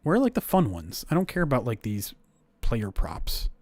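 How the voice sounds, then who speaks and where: A man hosting a livestream, casually calling a simulated football game and chatting with viewers, breaking into loud excited outbursts. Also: mid-range voice, normal speed, no echo. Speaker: livestream host. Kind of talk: casual play-by-play and chat.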